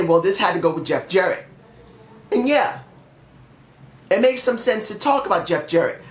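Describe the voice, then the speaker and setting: In an echoey room, a young man with a very high-pitched, fairly bright voice gives his own opinionated review of a wrestling show. He's sick, blunt, and drops some swearing as he rants.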